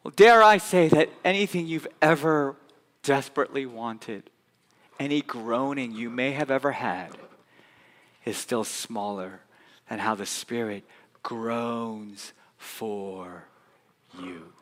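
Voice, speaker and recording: A man preaching a sermon as pastor, swinging from loud emphatic bursts to soft hushed passages. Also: mid-range voice, slow, in a large hall. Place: church sanctuary.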